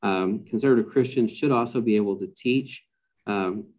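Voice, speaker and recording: A man's voice: fairly low pitch, moderate pace, a little mellow. A man talking as a podcast guest in a casual conversation, hesitant and full of fillers and restarts.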